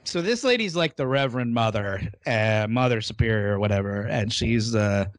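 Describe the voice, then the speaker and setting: A man co-hosting a podcast, explaining the story of a movie in a relaxed, casual way. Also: on the low side, normal speed, dry recording, studio quality. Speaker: podcast co-host.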